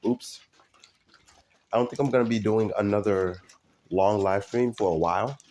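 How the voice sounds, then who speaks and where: A man live streaming, talking casually to his viewers in a halting way, full of ums and restarts. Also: lowish voice, a little mellow. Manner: halting, many fillers and restarts.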